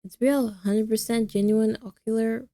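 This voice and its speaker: A woman's voice: a little high, steady tone, moderate pace, dry recording, natural voice. A woman voicing a young witch in a visual novel, dry and joking with her best friend. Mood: wry. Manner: dry, joking, gently teasing.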